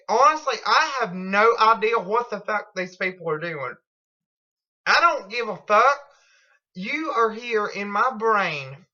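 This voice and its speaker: A woman's voice: on the low side, pushed and bright, lo-fi sound. A woman telling a rambling story at home in a blunt, profane, casual way. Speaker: vlogger.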